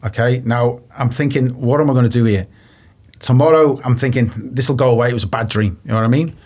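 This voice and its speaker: Male guest from England, mid-pitched, blunt and profane, a casual storyteller. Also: a little fast, a little mellow. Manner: blunt, swears often, retells phone calls with quoted voices. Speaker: interview guest.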